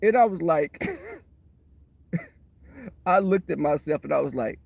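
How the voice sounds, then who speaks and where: A man with a notably high voice chats loosely on a phone livestream, talking straight to his viewers. He tells animated, rambling stories and laughs often along the way. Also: unhurried, gravelly, no room sound. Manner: animated storytelling, laughs often, talks to the chat. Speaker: livestream host. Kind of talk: casual livestream chat. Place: waiting for a shuttle, outdoors or in transit.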